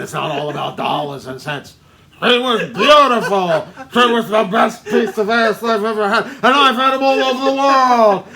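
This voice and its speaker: A man voicing a blustering, furious older movie mogul who rants loud threats. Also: high-pitched, creaky, pitched above the performer's own voice, heavily acted.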